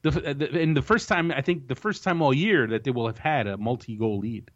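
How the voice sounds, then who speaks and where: Speaking a little fast at medium pitch, a man hosting a soccer podcast casually chats and confidently calls upcoming matches. He tends to restart his sentences, and the audio is dull and lo-fi.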